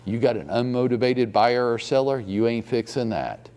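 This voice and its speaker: A man's voice: medium pitch, moderate pace, darkish tone, a little hiss or hum. A man coaching real estate agents in a live training session, blunt and profane, with mocking bursts.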